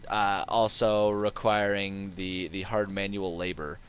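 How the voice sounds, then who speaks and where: A man's voice: low-pitched, level tone, a little slow, clean tone. A man streaming a game live, talking casually and rambling with lots of fillers. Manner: rambling and chatty, with many fillers.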